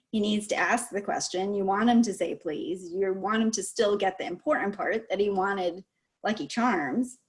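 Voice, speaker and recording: Encouraging woman giving practical advice. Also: mid-range voice. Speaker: speech-language advisor. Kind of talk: casual advice chat. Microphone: video call.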